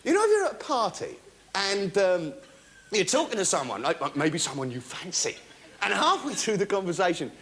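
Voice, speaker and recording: Animated comedian, high lively voice. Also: male voice, moderate pace, slight background noise. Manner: animated, breathless storytelling with laughter. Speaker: stand-up comedian. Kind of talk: stand-up comedy routine. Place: studio stage before a laughing audience.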